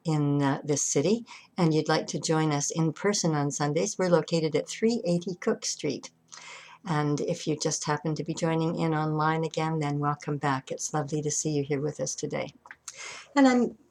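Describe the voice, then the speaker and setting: A woman's voice: sits low, a little mellow. A middle-aged woman minister preaching an online sermon in a conversational way, often restarting and repeating words. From Canada. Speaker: senior minister.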